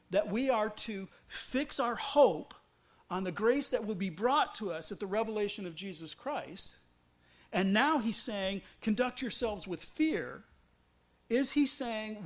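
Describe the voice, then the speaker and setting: A man delivers a sermon in a notably high voice. He talks to the congregation conversationally and earnestly, restarts his phrases often, and leans on rhetorical questions. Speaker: pastor.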